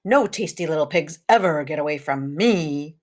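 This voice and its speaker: A woman voicing the big bad male wolf in a storybook reading, bellowing slow, drawn-out threats. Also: sits low, lively intonation, darkish tone. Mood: boastful.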